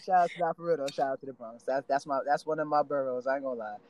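A young man, telling a story in a casual podcast chat, animated, swearing freely and laughing often. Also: medium pitch, rapid-fire, no room sound. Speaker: podcast co-host.

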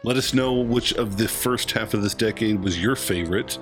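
A man's voice: fairly low pitch, moderate pace, faint music behind. A man co-hosting a casual film podcast, jokey and stumbling over his sign-off lines. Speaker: podcast co-host.

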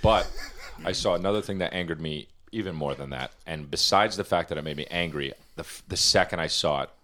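A young man co-hosting a podcast, joking and teasing, often breaking into loud laughter. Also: low-pitched, fairly quick. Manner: laughs hard while reading, loud bursts. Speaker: podcast co-host. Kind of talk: casual comedic banter.

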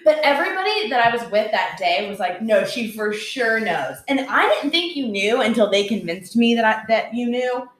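A woman's voice: on the high side, brisk, few pauses. Chatty young woman in an echoey room. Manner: animated storyteller, laughs often, many "like"s. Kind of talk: casual chat.

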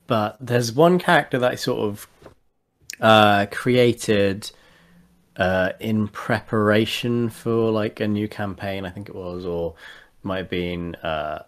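A man's voice: on the low side, slow. A man chatting casually about tabletop games, hesitant and full of fillers and restarts. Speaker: podcast guest.

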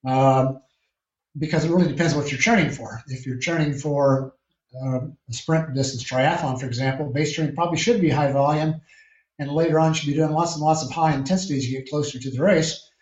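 A man, a triathlon coach, answering interview questions in a measured, explanatory way with frequent restarts. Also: on the high side, steady tone. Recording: echoey distant lo-fi call.

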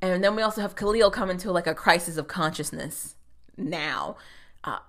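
A woman's voice: on the low side, moderate pace, fairly bright tone. A woman giving a casual recap of a TV episode, talking bluntly, swearing freely and laughing as she retells scenes. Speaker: TV show recap host.

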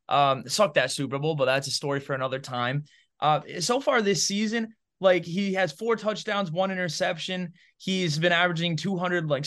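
A man co-hosting a sports podcast, giving opinionated football takes in casual chat full of fillers. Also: a little high. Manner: animated, opinionated, heavy on fillers like "bro" and "man". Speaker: podcast co-host.

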